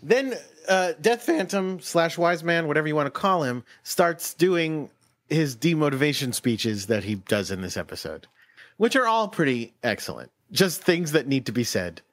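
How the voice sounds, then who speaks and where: A man co-hosting a relaxed podcast, recapping an episode with playful jokes. His voice is animated and swings widely in pitch. It sits a little on the higher side for a man. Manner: playful, retells scenes in quick silly voices. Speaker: podcast co-host. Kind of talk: casual chat recapping an anime episode.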